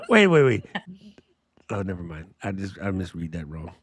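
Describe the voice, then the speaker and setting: A man's voice: deep voice, huge pitch swings, measured pace, slightly rough. Joking man hosting a livestream. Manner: joking, laughs often, slangy. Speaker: podcast host. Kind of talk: casual livestream chat.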